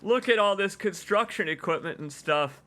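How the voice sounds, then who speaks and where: A man streaming a video game, commenting excitedly and emotionally, gushing and laughing often. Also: sits high, normal speed. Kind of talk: let's play commentary.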